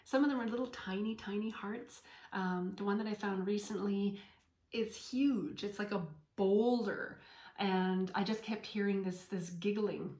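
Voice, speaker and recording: A woman hosting a spiritual podcast, speaking gently in a storytelling way and sometimes dropping to a whisper. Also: medium pitch, steady tone, unhurried, reverberant. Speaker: podcast host and medium.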